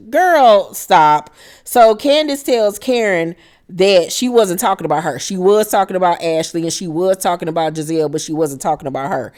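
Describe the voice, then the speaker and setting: A woman's voice: lowish voice, expressive, normal speed, a little mellow. A woman hosting a casual recap of a reality TV episode, blunt and profane, with dramatic asides and frequent laughter. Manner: laughs often while retelling scenes.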